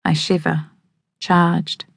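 A woman narrating a novel in the first person, measured and evocative. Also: lowish voice, level tone, gravelly, slightly rough, no room sound. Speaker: audiobook narrator. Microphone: close studio microphone. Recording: dry close studio sound.

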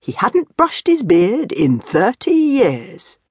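Woman, storybook narration, hugely animated and slow, husky, dry close sound, faint music. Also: mid-range voice, dry recording. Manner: animated, playful, with whispered asides. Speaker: author reading her own book.

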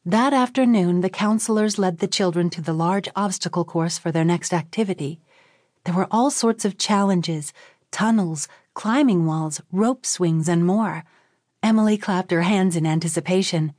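A woman reading a children's audiobook as narrator in an expressive, clear storytelling manner. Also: on the low side, normal speed, no echo, clean studio sound.

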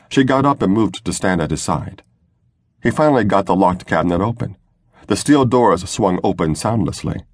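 Male audiobook narrator, very low, husky, measured delivery. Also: lively intonation, dry recording, clean studio sound. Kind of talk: scripted narration.

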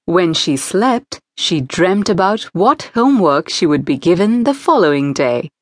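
A woman narrating a children's storybook in a gentle, expressive way. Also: on the low side, a little slow, no room sound, studio quality. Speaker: audiobook narrator.

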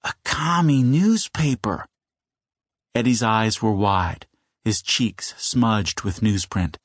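A man's voice: fairly low pitch, dry recording. Man narrating a children's audiobook, dry. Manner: measured storytelling, slowing for suspense.

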